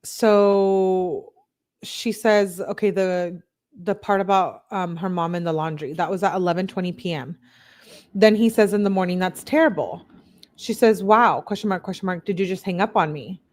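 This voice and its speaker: A woman's voice: lowish voice, moderate pace, a little mellow. A woman reading text messages aloud, lifting her voice for the quotes and breaking off with blunt, candid asides. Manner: reads quotes in a slightly raised voice, blunt asides. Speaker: true-crime commentator.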